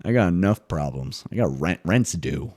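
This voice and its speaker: A man hosting a casual solo podcast monologue, swearing freely and jumping into high mock voices now and then. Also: lively intonation, moderate pace, a little mellow, no room sound, clean studio sound. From US East Coast. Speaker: podcast host.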